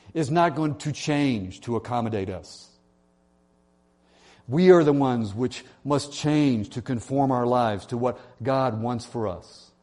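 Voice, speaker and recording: A man's voice: mid-range voice, a little mellow. Earnest male pastor preaching. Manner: earnest storytelling. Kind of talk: sermon.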